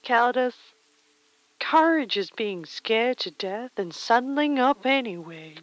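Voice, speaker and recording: A woman's voice: on the low side, moderate pace, no echo, lightly acted, rough recording. A woman putting on a folksy cowboy voice, drawling homespun sayings. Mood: mock-wise.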